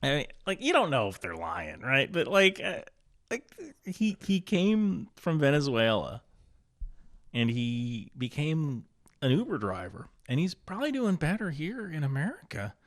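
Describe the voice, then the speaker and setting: A man with a stuffy nose, a podcast guest in casual conversation, telling animated anecdotes with big swings in his voice. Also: a little high, a little slow, no room sound, studio quality.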